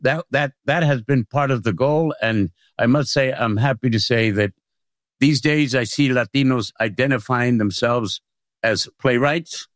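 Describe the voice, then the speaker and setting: A man's voice: medium pitch, dry recording, studio quality. Reflective older male playwright. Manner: reflective, measured, with halting restarts. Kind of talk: reflective interview answers.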